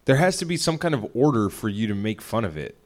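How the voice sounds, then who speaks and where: A man's voice: on the low side, sing-song, fast talker. A young man co-hosting a podcast, talking casually and rambling, swearing often as he retells a spat at home. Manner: rambling, profane, retells arguments with quoted voices. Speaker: podcast co-host. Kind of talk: casual chat.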